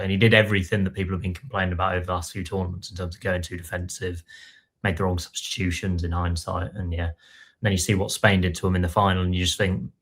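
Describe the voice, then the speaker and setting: Man, lowish voice, podcast host, wry and teasing, casual chat. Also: flat delivery, fast talker, fairly bright tone.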